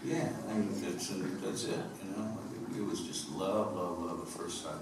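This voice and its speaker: A man from upstate New York spins loose, humorous stories between songs, full of fillers and asides. His voice sits very low. The live theater recording is heavily echoey and noisy. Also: moderate pace, distant mic. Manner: rambling, humorous storytelling with fillers. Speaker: singer-songwriter on stage. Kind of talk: stage banter between songs. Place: theater stage at a live concert.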